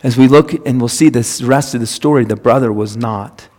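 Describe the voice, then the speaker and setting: A mid-range, slightly mellow male voice belongs to a pastor delivering a forceful sermon at a normal pace, with repeated phrases for stress. The recording carries the long reverb of a church sanctuary.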